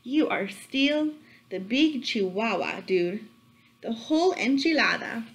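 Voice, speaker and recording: A woman voicing an excitable young boy kitten who thinks he is a chihuahua, bouncy and exclaiming, with mock Spanish words. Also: on the high side, moderate pace. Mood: excited.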